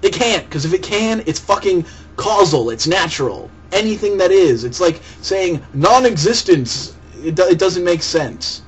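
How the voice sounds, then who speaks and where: A young man with a fairly high voice delivers a profane, heated, sarcastic rant in reply to a commenter, with faint hiss behind him. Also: lively intonation, measured pace. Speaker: vlogger answering a commenter. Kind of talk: angry video rant.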